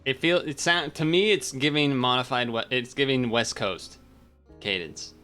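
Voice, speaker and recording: A man's voice: medium pitch, normal speed, bright, forceful tone, smooth, soft background music. A man streaming, chatting casually and teasing a caller in a playful back-and-forth.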